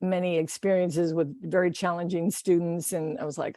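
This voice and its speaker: A woman's voice: on the low side, little pitch movement, normal speed, mellow, no room sound, clean studio sound. A woman speaking as a guest on a podcast, rambling and correcting herself often, with frequent laughter. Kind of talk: casual conversational interview.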